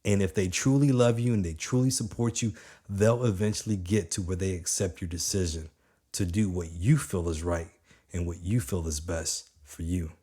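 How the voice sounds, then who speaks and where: A motivational speaker in his thirties, low-pitched with a breathy edge, gives an energetic, conversational talk and often checks in with his listeners.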